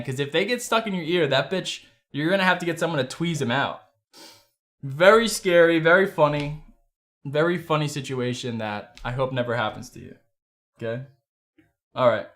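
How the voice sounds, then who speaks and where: A young adult man hosting a casual livestream from his desk, telling a story in an animated, profane way. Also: on the high side. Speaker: livestream host. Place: home desk.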